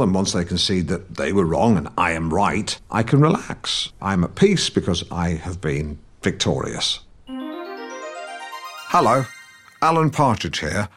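Smug, pedantic English broadcaster, lowish voice, rambling podcast monologue. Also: male voice. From England. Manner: pedantic, rambling, self-satisfied. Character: pompous self-important middle-aged English broadcaster. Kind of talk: scripted comedy monologue.

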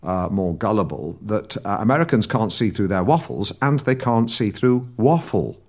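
A man's voice: fairly low pitch, lively intonation, normal speed, a little mellow. A man playing a pompous, awkward middle-aged broadcaster who hosts a podcast, rambling and stumbling over his words in a comic monologue. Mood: smug. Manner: pompous and rambling, full of hesitations and restarts. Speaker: podcast host. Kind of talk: scripted comedic character monologue.

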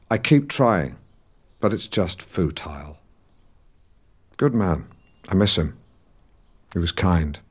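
A man's voice: mid-range voice, lightly acted. An actor playing a pompous, touchy middle-aged male broadcaster from Norfolk, hosting a podcast in a comic monologue, defensive and rambling as he answers a troll. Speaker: podcast host.

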